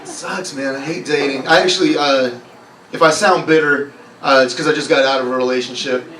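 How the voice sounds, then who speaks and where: A man's voice: mid-range voice, steady tone, fairly quick. A young man performing a live stand-up set, sardonic and self-deprecating, bantering with the crowd in a bar from a stage mic. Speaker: stand-up comedian. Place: bar comedy night. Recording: roomy bar recorded from far off, crowd laughing.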